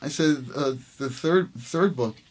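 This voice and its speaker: A jazz trumpet player telling a story in an interview, laughing often and acting out the lines of the people in it. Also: male voice, fairly high pitch, a little slow. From New York City. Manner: laughing, reenacts quotes with voices.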